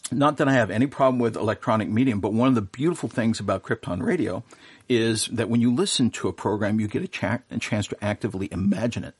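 With a lowish, husky voice, a man who performs professionally as Santa shares heartfelt stories as a guest on the radio. It's casual interview storytelling, warm and sincere, full of fillers and false starts.

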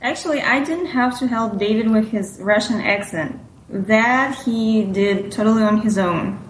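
A woman's voice: fairly high pitch, a little slow. Female guest, polite and matter-of-fact, roomy echo with faint background hum. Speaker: language coach and actor. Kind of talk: casual panel interview.

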